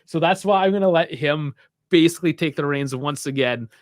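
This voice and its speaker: A man's voice: fairly high pitch, a little fast, dry recording, studio quality. A man hosting a casual podcast who often stammers and restarts, self-deprecating as he hands over to his co-hosts. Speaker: podcast host.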